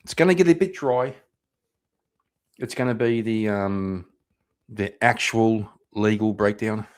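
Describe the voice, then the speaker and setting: A man's voice: on the low side, measured pace. A man hosting a live stream, reacting to clips in loose, profane commentary, laughing and repeating himself. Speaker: livestream host reacting to clips.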